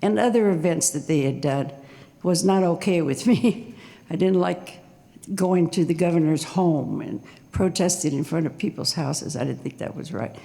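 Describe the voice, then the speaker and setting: An older woman with a heavily gravelly, mellow voice tells a true story live on stage. She sounds nervous and halting, and the sound rings with the long reverb of a performance hall. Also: deep voice, expressive. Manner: nervous, halting, with small laughs.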